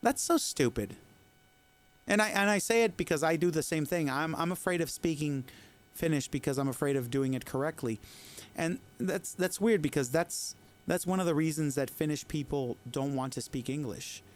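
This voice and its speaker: A male streamer whose first language is Spanish, with a voice sitting a little higher than most men's. He rambles in a lively, opinionated way, reading viewer messages aloud and answering them as he goes. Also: moderate pace. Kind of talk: casual chat answering viewers.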